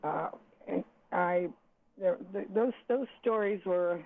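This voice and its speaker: Older woman speaking over a tinny phone line. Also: fairly low pitch. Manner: halting, searching for words, many restarts. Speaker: jazz singer, guest. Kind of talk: reminiscing interview.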